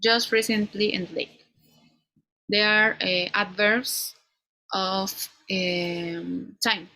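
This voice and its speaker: A woman teaching an English grammar class, explaining slowly and ending many points with "no?". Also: mid-range voice, steady tone, pushed and bright, poor audio. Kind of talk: online class lecture.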